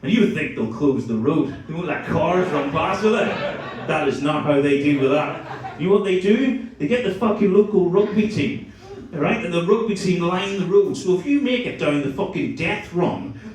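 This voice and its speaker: Irish stand-up comic, fairly high voice, profane crowd-teaser, echoing club room with the mic at a distance. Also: male voice, lively intonation, a little mellow. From Ireland. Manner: profane, teasing, fast storytelling. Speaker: stand-up comedian. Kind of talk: stand-up comedy with crowd work. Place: comedy club stage. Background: audience laughter.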